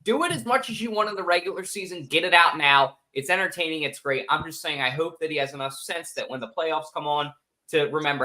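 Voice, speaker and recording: A man's voice: on the high side, quick pace, bright, forceful tone, rough recording. A man co-hosting a sports podcast, joking and opinionated in casual chat. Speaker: podcast co-host.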